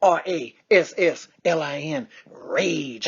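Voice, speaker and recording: A man recording a playful promo shout-out for a show, spelling out its name. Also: fairly high pitch, takes it slowly, gravelly, slightly rough. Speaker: guest promo drop. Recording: dull lo-fi recorded clip.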